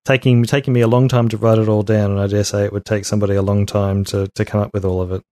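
A man's voice: lowish voice, flat delivery, fast talker, warm tone, no room sound, studio quality. A man co-hosting a casual gaming podcast in a laid-back way, often giving short agreeing replies. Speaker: podcast co-host. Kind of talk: casual chat.

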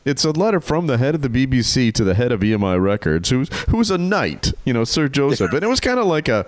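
A man's voice: medium pitch, sing-song, fast, no room sound. A middle-aged man co-hosting a podcast, telling stories casually with wry, dry humor. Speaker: podcast co-host. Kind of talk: casual chat.

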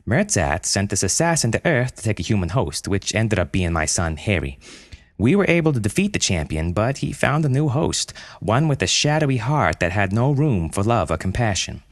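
A man voicing a middle-aged woman president who leads with steady, commanding authority in a told story. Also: lowish voice, moderate pace, no room sound, studio quality, pitched above the performer's own voice. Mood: explaining. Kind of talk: storytelling audio drama.

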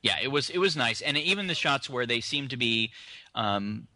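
A man's voice: mid-range voice, animated, moderate pace, sharp tone, no room sound. A man co-hosting a podcast, complaining wryly and laughing about a film in casual chat. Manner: wry, laughs often while complaining. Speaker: podcast co-host. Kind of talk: casual movie review chat.

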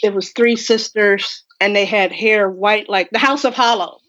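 A woman's voice: medium pitch, fairly even intonation, moderate pace, fairly bright tone, lo-fi sound. A woman horror writer speaking from home in an effusive, rambling, casual interview chat.

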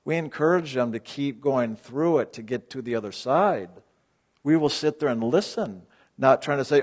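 Man, retreat leader, blunt, confrontational, preachy, rhetorical questions, mid-pitched voice. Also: animated, moderate pace. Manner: preachy and direct, with sudden emphatic bursts. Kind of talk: group talk to retreat participants.

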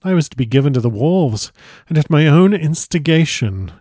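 A man reading a first-person diary aloud as a dramatic audiobook narrator, measured and grave. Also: on the high side, expressive, dark tone, dry recording, clean studio sound.

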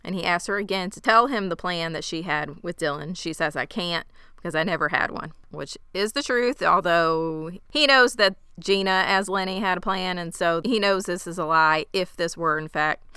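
Young woman, casual recap, animated character lines, laughing, very clear voice. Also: on the low side, normal speed, hardly any pauses, dry recording, clean studio sound. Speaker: podcast co-host recapping a game.

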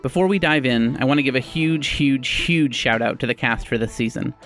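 A man who hosts and runs the game, giving an earnest, grateful podcast intro and then narrating a story in a steady, scripted way. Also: mid-range voice, a little fast, soft background music. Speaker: host and game master.

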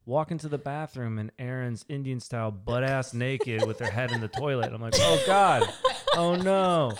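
A man's voice: mid-range voice, fairly even intonation, brisk, heavy background noise. A man who works as an occupational therapist, chatting casually and telling a laid-back story with casual swearing. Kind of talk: casual chat.

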